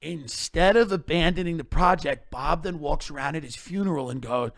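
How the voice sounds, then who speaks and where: High-voiced man ranting comedic stories. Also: normal speed, no echo, clean studio sound. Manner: animated, emphatic ranting with profanity. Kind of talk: podcast comedic storytelling.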